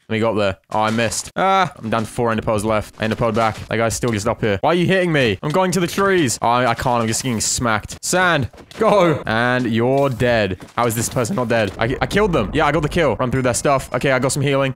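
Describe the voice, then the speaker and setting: A man giving excitable, boastful live commentary while he plays a game, trash-talking as he goes. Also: mid-range voice, a little hiss or hum. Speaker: gaming channel host.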